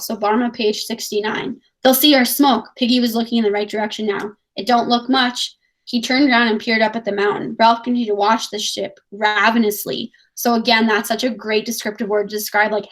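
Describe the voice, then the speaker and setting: A woman English teacher reading from a novel and explaining it to her students in a casual, chatty way, full of "like" fillers. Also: on the high side.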